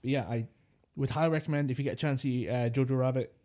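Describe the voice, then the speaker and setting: A man talks casually as a podcast co-host. His voice is mellow and relaxed. He often breaks into laughter. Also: mid-range voice, quick pace. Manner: chatty, laughs at his own jokes. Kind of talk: casual chat.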